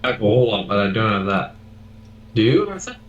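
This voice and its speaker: A man chats casually as a player in an online game. His pitch jumps around in a lively way. An echoey room and a muffled mic with a faint hiss color his voice. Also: fast. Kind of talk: casual game chat over a call. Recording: dull, roomy call mic with faint hiss.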